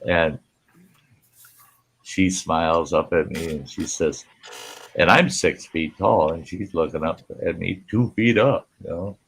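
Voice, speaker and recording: A man hosts a relaxed campfire-style chat and spins long, rambling anecdotes. His voice is very deep and gravelly with a husky edge. He takes his time, acting out other people's lines as he goes. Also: unhurried, slight background noise. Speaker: host. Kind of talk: casual campfire storytelling chat.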